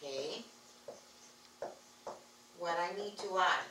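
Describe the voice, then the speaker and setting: In an echoey classroom captured from far away, a woman with a Spanish accent patiently teaches a Spanish class in English, repeating key words while writing on the board. She has a lowish voice, speaks slowly, and the background is noisy.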